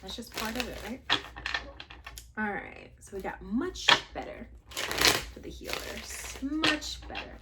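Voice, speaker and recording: A woman's voice: on the high side, animated, takes it slowly, pauses often, heavy background noise. A woman chatting her way through a tarot reading, thinking aloud with many fillers and asides. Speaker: tarot reader. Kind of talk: casual spiritual tarot reading.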